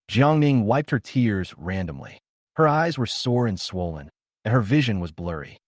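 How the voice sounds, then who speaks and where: Lively low male story narrator. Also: moderate pace, no room sound, studio quality. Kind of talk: scripted narration.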